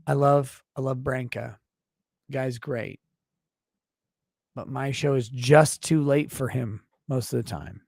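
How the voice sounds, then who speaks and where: A man's voice: mid-range voice, slow pace, creaky, long pauses, darkish tone, no room sound, clean studio sound. A man hosting a livestream, reading viewer super chats aloud and answering them in brash, profane, mock-indignant rants. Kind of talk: crude comedic livestream banter.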